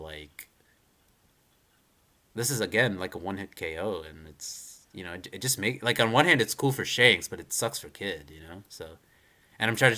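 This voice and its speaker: A man's voice: low-pitched, pushed and bright. A young man reacting live to a manga chapter in a casual, rambling rant, full of fillers and restarts, swearing and opinionated. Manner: rambling, heavy use of "like" and "you know", frequent restarts.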